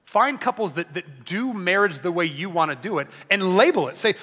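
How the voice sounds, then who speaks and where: A man preaching a sermon as a pastor, energetic and conversational, often joking with the congregation. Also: high voice, normal speed, husky, in a large hall.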